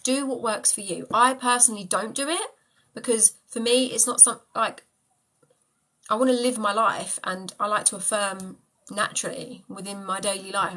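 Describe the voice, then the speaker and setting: A woman's voice: mid-range voice, bright, forceful tone, rough recording. A woman talking casually on a live stream as a manifestation coach, chatty and affectionate as she answers viewers' comments.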